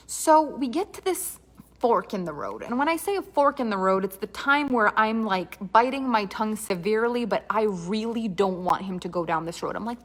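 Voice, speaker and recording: A woman's voice: mid-range voice, animated, normal speed, a bit bright. A woman from Canada telling a comic personal story with dramatic asides and quoted dialogue.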